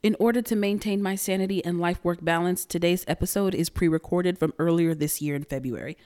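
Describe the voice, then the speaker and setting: A woman's voice: lowish voice, brisk, mellow. Young woman, podcast host, casual monologue, blunt and profane, frequent laughter, recorded at home. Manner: candid, profane, laughs often. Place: apartment bedroom, working from home.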